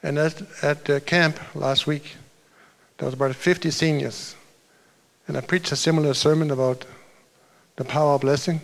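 Rambling male pastor, slightly high voice. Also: fairly even intonation, moderate pace, gravelly. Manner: loose storytelling, restarts and asides. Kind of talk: sermon.

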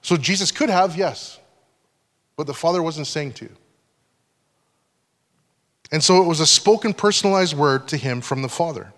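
A pastor giving a conversational sermon, often checking that the congregation is following. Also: male voice, a little high, moderate pace, long pauses. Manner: conversational teaching, frequent check-ins with listeners. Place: church hall. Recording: long hall reverb.

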